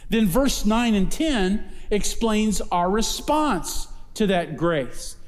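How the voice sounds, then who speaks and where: High-pitched guy preaching hard in a big echoey church, pushes up loud on the big lines. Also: lively intonation, takes it slowly. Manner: emphatic preaching, rising to loud calls for the congregation to answer. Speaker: pastor. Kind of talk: sermon. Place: church auditorium. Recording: long reverb of a large hall.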